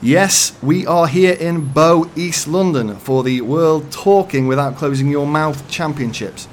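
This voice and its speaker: A man doing a booming sports commentator. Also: unhurried, slight background noise, close to an everyday voice. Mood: hyped. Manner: booming, theatrical announcer delivery. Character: excitable male live sports commentator.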